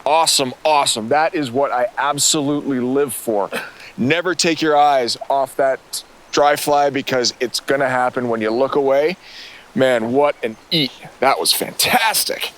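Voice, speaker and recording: A man hosting a fishing show outdoors on a river, excitedly explaining technique and cheering his catches. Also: mid-range voice, moderate pace. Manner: enthusiastic, exclamatory. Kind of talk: excited on-the-water fishing instruction.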